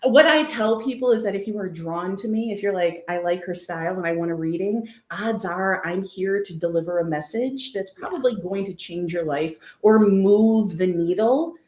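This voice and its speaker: A woman's voice: medium pitch, moderate pace, hardly any pauses, a little mellow. Woman in her forties, laughing easily, nerdy about her subject, roomy echo. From United States. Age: 40s. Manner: bubbly and laughing, nerdy jargon. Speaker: guest astrologer. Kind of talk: casual livestream chat. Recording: echoey room.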